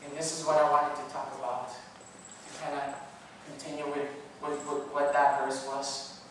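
A man preaching a sermon, swinging from loud bursts to hushed tones when he quotes God softly. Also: mid-range voice, flat delivery, a little slow, a little hiss or hum. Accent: Californian. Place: church hall. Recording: echoey hall from far off.

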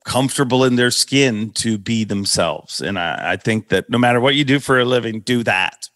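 A middle-aged man hosting a podcast, telling an animated story with laughs as he talks. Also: lowish voice, no room sound. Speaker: podcast host. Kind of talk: casual storytelling chat.

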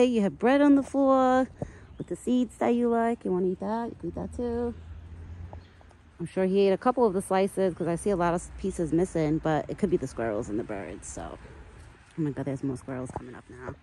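Vlogging in a foggy forest, a woman chats casually to the camera and uses affectionate pet talk with a wild deer she's feeding. Her lowish voice is mellow and moderately paced, and the recording is rough.

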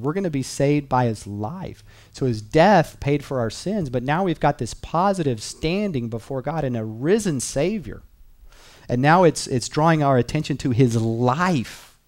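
A man's voice: medium pitch, expressive, normal speed, a little mellow. A man teaching a Bible class in an earnest, conversational way, repeating key phrases and reading verses aloud.

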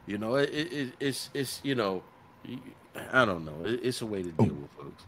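A man's voice: fairly low pitch, very animated, moderate pace, slight background noise. A middle-aged man co-hosting a podcast in casual chat, profane and storytelling, often acting out quotes. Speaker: podcast co-host.

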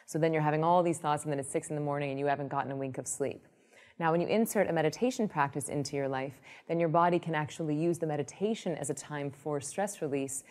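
A woman who teaches meditation, explaining her method in a lively way and telling an example story. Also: low voice. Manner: lively storyteller, acts out quoted people.

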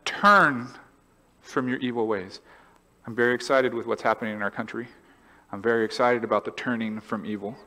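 Animated man preaching in a reverberant church. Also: medium pitch. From California. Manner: animated, storytelling, acts out voices and laughs. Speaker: pastor. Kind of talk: sermon. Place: church sanctuary.

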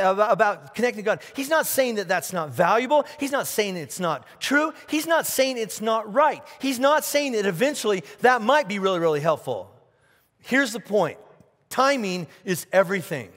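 A man preaching a sermon as pastor, animated, asking rhetorical questions and often repeating his words. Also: high voice, in a large hall. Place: church auditorium.

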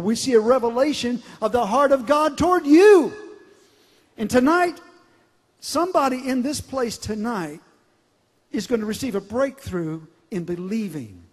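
A middle-aged man preaching a sermon, emphatic, swinging from loud declarations to quiet storytelling. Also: high-pitched, husky. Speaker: pastor. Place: large church sanctuary. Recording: long hall reverb.

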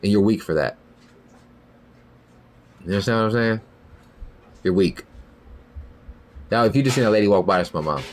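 A man's voice: lowish voice, normal speed, pauses often. A young man hosting a podcast in a rambling, profane casual monologue, often asking "you feel me". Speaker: podcast host.

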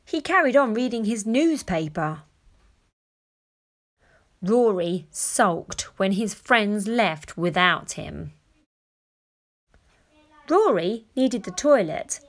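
A woman reading a children's picture book aloud, gently and expressively. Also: on the high side, expressive, slow pace, long pauses. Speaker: storyteller.

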